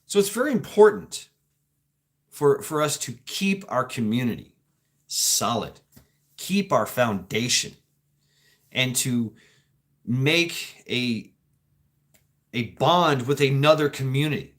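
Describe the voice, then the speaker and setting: A man hosts his own stream and talks off the cuff. His delivery is halting and rambling, with restarts, swearing and laughs as he answers chat. His pitch sits in an ordinary middle range. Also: lively intonation, fairly bright tone. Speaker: livestream host reading chat. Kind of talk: casual talk, reacting to chat.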